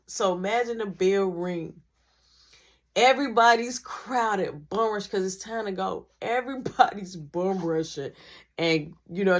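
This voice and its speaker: Brief: woman vlogger, mid-pitch, very lively intonation, slangy storyteller. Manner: animated and slangy, acting out dialogue. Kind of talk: storytime narration.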